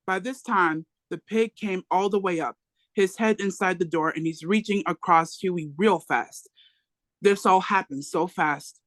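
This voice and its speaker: A book club reader reading a memoir aloud in a plain, steady way, now and then stopping to correct a word. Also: mid-range voice, a little slow, no room sound, low-quality recording.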